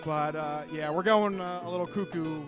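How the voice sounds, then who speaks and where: High-voiced jokey male podcast co-host. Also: steady tone, moderate pace, music in the background. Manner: jokey, laughs often, rambling restarts. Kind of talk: casual chat.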